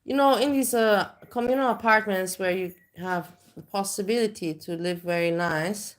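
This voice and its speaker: A female livestream host chats casually, rambling with plenty of restarts and filler words. Her voice is mid-range and moves at a normal speed.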